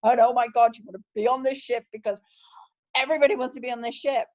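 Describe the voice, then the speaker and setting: Overexcited male tycoon, gushing hype, pitched up high, put on by a woman. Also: steady tone, quick pace, no echo, lo-fi sound, close to an everyday voice. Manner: loud, gushing salesman hype. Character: overexcited male tycoon hyping his ship.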